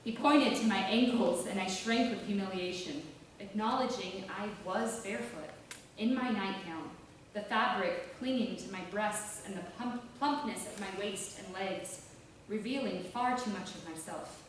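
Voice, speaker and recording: A woman giving a measured, deliberate literary reading of a novel. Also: medium pitch. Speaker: author reading her novel. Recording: roomy, distant, faint hiss.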